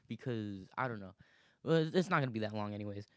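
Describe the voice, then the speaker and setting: Casting: man in his twenties, low voice, loose rambling solo podcast talk, swears freely, laughs between thoughts. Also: lively intonation, moderate pace, dry recording. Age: 20s. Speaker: podcast host. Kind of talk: casual solo monologue.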